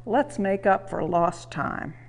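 A kind and helpful male train guard from a children's storybook, voiced by a woman reading aloud. He speaks briskly and reassuringly, in a plain everyday voice. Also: medium pitch, expressive.

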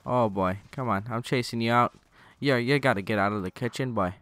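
Talking a bit fast in a medium-pitched, slightly bright voice, a young man jokes loosely over footage of his own play. Wearing a gaming headset, he curses and talks back to the enemies on screen as host of his gaming channel.

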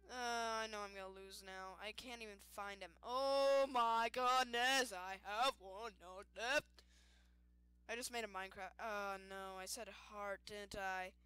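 A young woman giving casual let's-play commentary, excitable and self-mocking, yelling at the game and giggling. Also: medium pitch, clean tone, dry recording. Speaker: gaming youtuber.

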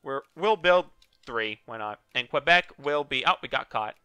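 Bright, excitable young man gaming. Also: mid-range voice, moderate pace, clear, resonant tone, dry recording, faint music behind. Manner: joking, sarcastic, excitable exclamations. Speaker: let's play gamer. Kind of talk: casual gameplay commentary.

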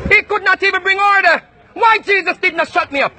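A man from Jamaica, ranting and shouting confrontationally at people outdoors. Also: very high voice, quick pace, some chatter behind, slight background noise.

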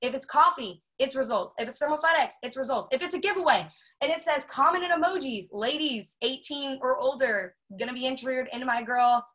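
A woman runs a casual sales training, chatting fast and freely with plenty of filler words. Her voice sits a little high and sounds bright and forceful. She acts out her customer messages in quotes as she goes. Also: low-quality recording.

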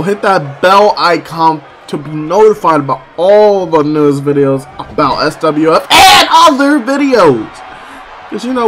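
A young man commentating a wrestling video game with loud exclamations and slangy, excitable talk, his voice going squeaky. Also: low-quality recording.

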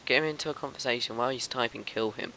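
A man's voice: medium pitch, rapid-fire, sharp tone, slight background noise, poor audio. A man chatting eagerly while playing a video game, urging his friend on. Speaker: gamer. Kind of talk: casual gaming chat.

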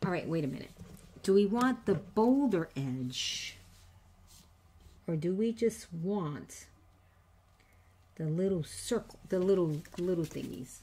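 Chatting her way through a papercraft demo, this middle-aged woman speaks low, slowly and expressively, with long pauses and a mellow, husky tone. She makes nervous jokes to her viewers, poking fun at her own slip-ups.

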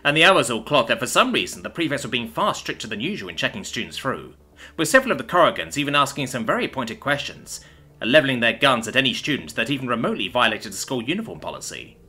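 A man narrating a sci-fi school story in an expressive reading voice. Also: mid-range voice, fast, husky. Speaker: narrator and author.

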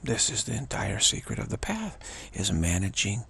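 A man giving an earnest spiritual pep talk as a teacher, halting and repeating himself as he goes. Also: fairly low pitch, wildly swooping pitch, vocal fry, fairly bright tone, slight background noise. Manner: earnest, repetitive, halting with restarts.

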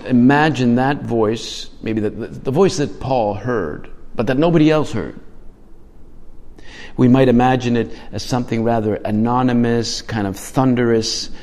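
A man's voice: mid-range voice, a little slow, darkish tone, long reverb tail. A male priest giving a conversational, reflective homily, often restarting his phrases.

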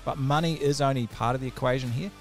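Energetic New man hosting a podcast. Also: medium pitch, quick pace, music in the background. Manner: energetic, acts out quoted voices. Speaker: podcast host. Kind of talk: casual podcast chat.

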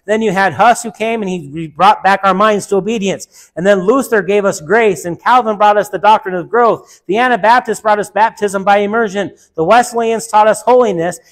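A woman's voice: mid-range voice, normal speed, hardly any pauses. A woman preacher delivering a sermon emphatically, asking her listeners rhetorical questions and calling for an amen.

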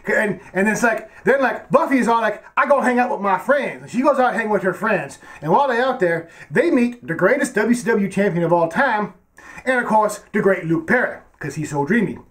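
In a comedic character sketch, a man plays Kelvin, a dim-witted young film fan, using a very high, goofy voice that's a bit bright. Animated and fairly quick, he sounds dopey, rambling with broken grammar and stammered restarts.

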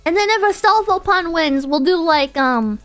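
Super high bright-voiced girl streaming, swears a lot, yells then mumbles, faint music behind. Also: normal speed. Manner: excitable and profane, swinging between loud outbursts and deflated mutters. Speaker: live streamer. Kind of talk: casual live-stream chat with viewers.

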